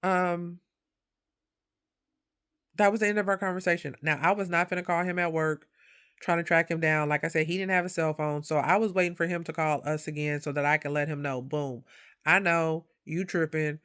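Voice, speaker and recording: Animated woman telling a personal story. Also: lowish voice, brisk, clear, resonant tone. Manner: animated, acts out quoted voices, rises loud when indignant. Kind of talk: casual storytime monologue.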